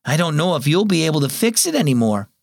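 A man's voice: on the high side, big pitch swings, quick pace, vocal fry, no echo, studio quality, heavily acted. A man voicing an earnest, impatient young boy.

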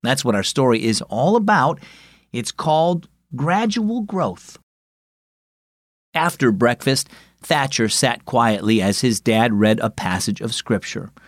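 A man hosting a children's devotional radio show, reading a story in a friendly, expressive storyteller manner. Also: mid-range voice, takes it slowly, no echo, studio quality. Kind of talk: scripted storybook narration for children.

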